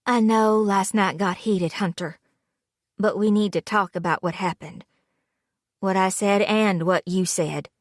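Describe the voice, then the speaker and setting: A woman's voice: mid-range voice, a little slow, no echo, clean studio sound, close to an everyday voice. A woman voicing a hurt young fiancée, pleading in a shaky, emotional voice in an audiobook. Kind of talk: audiobook character voice.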